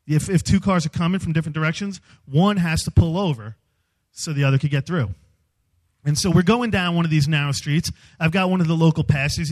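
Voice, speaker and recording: A man speaking as a youth speaker, giving a humorous storytelling sermon in an animated, self-mocking way. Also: a little high, rough recording.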